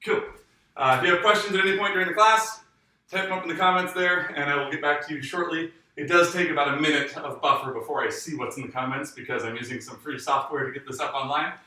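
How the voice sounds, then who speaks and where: Man, dance teacher, counting beats aloud, bright voice, very echoey room, mic far away. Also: a little high, fast talker. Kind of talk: live online dance lesson.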